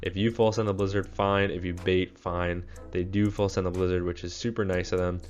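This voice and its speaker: A young man giving relaxed gameplay commentary, tired and full of fillers. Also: low-pitched, a little fast, faint music behind. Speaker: game commentator.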